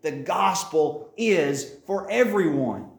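A man leads a Bible lesson, reading verses and then going back over the main point again and again. His voice sits a little high. The room around him is echoey. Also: animated, slow pace, gravelly. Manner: reads scripture aloud then explains it, repeats key points. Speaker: Bible teacher. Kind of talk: Bible study teaching.

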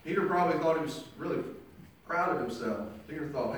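A man's voice: fairly high pitch, lively intonation, a little fast, a little hiss or hum. A male pastor delivering a sermon with emphatic preaching, acting out the people he quotes. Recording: very echoey church hall, mic from far off.

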